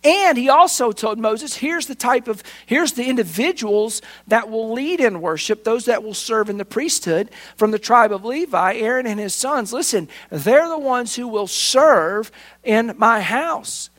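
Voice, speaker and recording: A pastor preaching a sermon, retelling scripture with acted dialogue and emphatic repetition. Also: male voice, very high-pitched, lively intonation, measured pace, fairly bright tone.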